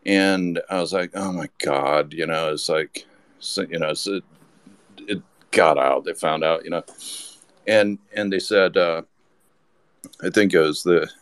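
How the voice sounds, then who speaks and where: A man's voice: low-pitched, steady tone, measured pace, long pauses, clean tone, dry recording. A man telling a rambling anecdote as a podcast guest, with lots of restarts. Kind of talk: casual storytelling.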